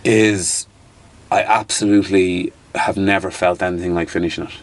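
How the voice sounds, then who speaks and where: A man's voice: low-pitched, normal speed. A man in his thirties with an Irish accent, a guest in a casual interview telling stories with restarts and the odd swear word. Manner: animated, restarts sentences, occasional swearing.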